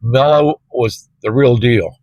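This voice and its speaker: A male rideshare driver rambles through a story to his viewers, his sentences packed with "uh"s and restarts. His voice sits at an ordinary middle pitch. The sound is dry and close, with no room echo. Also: slow, darkish tone. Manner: rambling, with many fillers and restarts. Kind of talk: casual storytelling to camera.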